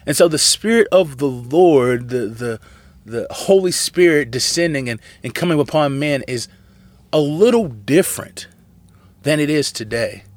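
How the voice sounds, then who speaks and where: Man, casual Bible retelling, slangy and animated, slightly high voice, dry sound. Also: measured pace, dry recording. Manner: slangy and animated, acting out characters' lines. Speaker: Bible study teacher.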